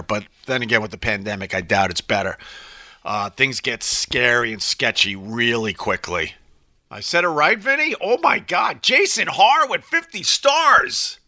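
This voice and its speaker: A man hosts a live stream in an offhand, rambling chat, swearing freely as he answers viewer comments. His voice is strikingly bright and forceful. It sounds dry and close, with no room sound. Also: mid-range voice, dry recording. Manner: loose and profane, with rambling asides.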